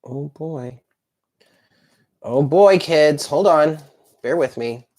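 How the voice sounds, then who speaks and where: A woman's voice: sits low, slow, a little mellow. A woman giving a chatty live tarot reading, talking straight to her viewers in an upbeat way. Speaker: tarot reader.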